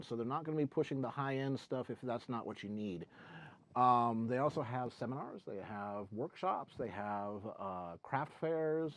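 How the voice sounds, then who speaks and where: A man co-hosting a stream, joking around and reading a sponsor thanks with hesitant fillers. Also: medium pitch. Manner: joking, hesitant, with many uh's. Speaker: co-host. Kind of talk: casual chat with a sponsor shout-out.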